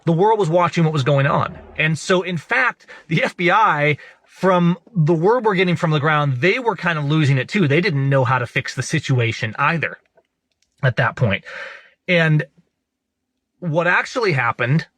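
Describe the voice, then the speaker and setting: A man's voice: a little high, lively intonation, normal speed, a bit bright, no room sound. A man hosting an online show, giving emphatic, indignant political commentary to his viewers.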